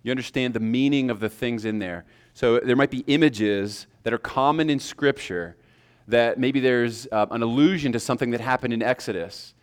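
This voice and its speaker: A man teaching sermon preparation to a class. He talks in a loose, conversational way, full of fillers and restarts. His voice sits at an ordinary middle pitch for a man. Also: moderate pace, smooth. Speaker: preaching instructor.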